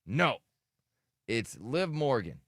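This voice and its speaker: A man's voice: mid-range voice, sing-song, slow, fairly bright tone, dry recording, clean studio sound. A man hosting a morning radio show, joking crudely and trading banter with his co-hosts. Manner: crude joking, mock-whiny impressions.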